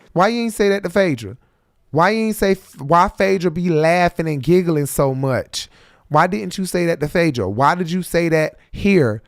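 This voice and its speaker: A man hosting a reaction commentary, ranting bluntly and heatedly with plenty of profanity. His voice sits a little high for a man and sounds close and dry, with no room around it. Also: lively intonation, measured pace, pauses often, dry recording. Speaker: host.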